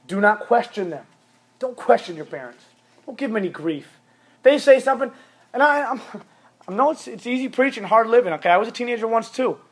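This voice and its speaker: With a high voice of fairly bright tone, a thirtysomething youth pastor preaches to teenagers. He hammers home each point through emphatic repetition, restating commands for stress.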